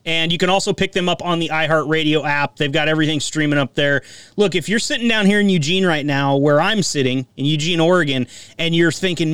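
Self-deprecating podcast host, smooth voice. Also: male voice, fairly high pitch, fairly quick, fairly bright tone, no echo, distant mic. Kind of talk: casual chat. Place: Eugene, Oregon.

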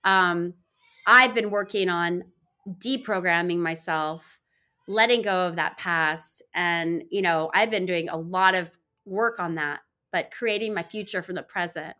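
Middle-aged woman, podcast guest; bright, lively delivery, chatty with many "like"s and acted-out quotes. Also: fairly low pitch, unhurried. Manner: chatty, lots of fillers and quoted asides. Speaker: podcast guest, law firm founder. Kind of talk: casual interview chat.

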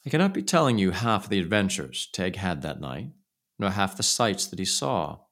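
Male storyteller, low voice, lilting folk-tale delivery for a holiday story. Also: very animated, normal speed, a bit bright. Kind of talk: storybook narration.

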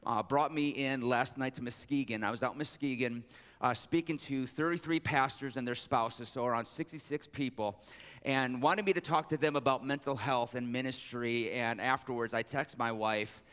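Pastor preaching in a reverberant hall. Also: male voice, moderate pace, a bit bright, clean tone. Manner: jokey asides, reads scripture with raised pitch. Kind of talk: sermon. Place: large church sanctuary.

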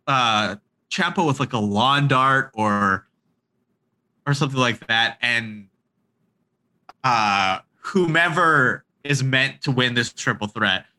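A man in casual chat, excitedly thinking aloud and restarting his sentences as he pitches storyline ideas. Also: rough recording. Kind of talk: casual wrestling fantasy-booking chat.

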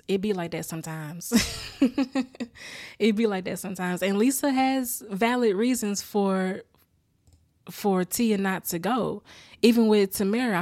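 A woman's voice: medium pitch, a little mellow, no echo. A woman in casual chat recapping a TV episode, laughing often and acting out the characters' lines. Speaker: show recapper.

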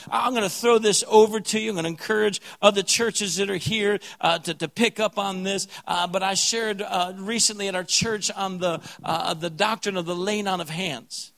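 A man with a high, bright voice preaches a revival sermon. He is fervent and folksy, dropping to quiet asides and then rising to loud, exhorting calls. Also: fairly even intonation, moderate pace, creaky, few pauses, low-quality recording. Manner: fervent preaching, swings from hushed to loud, folksy country phrases. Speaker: pastor.

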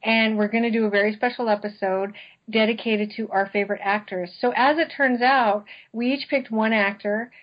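A woman's voice: on the high side, fairly even intonation, moderate pace. A young woman from the US West Coast hosting a podcast, talking in a chatty, freewheeling way with a slightly nasal voice. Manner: chatty, freewheeling, self-deprecating. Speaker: podcast host. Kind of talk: casual podcast chat. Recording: dull lo-fi podcast audio.

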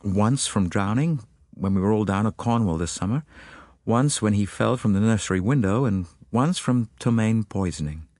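A man's voice: on the low side, animated, darkish tone, no room sound, clean studio sound. A man voicing a determined American wife. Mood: worried. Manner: earnest, brisk, worried. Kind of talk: audiobook character voicing.

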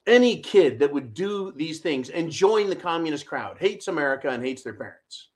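Male host, fairly high voice, mocking and combative, ranting political commentary. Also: very animated, moderate pace. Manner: sarcastic, mocking, shouty rants with audience asides.

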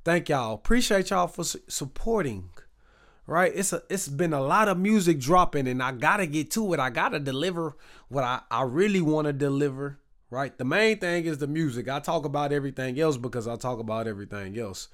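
A man's voice: on the high side, expressive, brisk, fairly bright tone. A man from Texas with a Southern accent, hosting a casual solo podcast in a chatty, repetitive, hyped-up way. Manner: chatty, repetitive, hype call-and-response phrasing. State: recovering from a rough voice. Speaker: podcast host.

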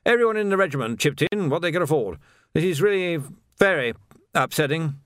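A man's voice: on the high side, lively intonation, normal speed, sharp tone, no echo, studio quality, voice pushed up. A man voicing a hesitant, mournful, genteel male army captain in a slightly raised voice.

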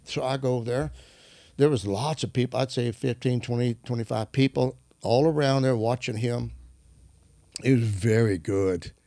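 Brief: male guest minister, gravelly voice, dry close sound, animated storyteller who restarts mid-sentence. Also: mid-range voice, dry recording. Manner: animated, acts out quoted dialogue; halting restarts while searching for words. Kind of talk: conversational testimony storytelling.

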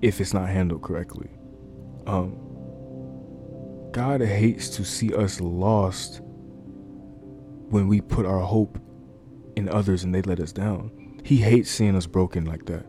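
A man's voice: low voice, slow, long pauses, over music. A man preaching an informal sermon into a microphone, earnest and conversational, repeating key lines and using fillers. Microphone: desk microphone.

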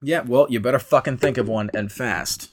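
A man's voice: medium pitch, moderate pace. A man bantering with friends as one of the hosts, joking, swearing and bossing the others around. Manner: joking, profane, bossy. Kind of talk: casual banter.

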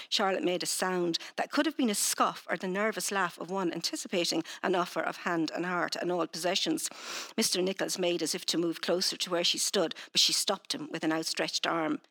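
A woman's voice: lowish voice, brisk. A woman author chatting hesitantly on a panel, then reading narration from her novel. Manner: hesitant, many fillers in chat; steady when reading.

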